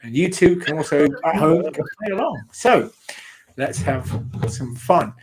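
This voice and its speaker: A man's voice: fairly high pitch, very animated, a little slow, background noise. A man hosting a trivia quiz over a call, rambling and laughing mid-sentence as he corrects himself. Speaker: quizmaster host.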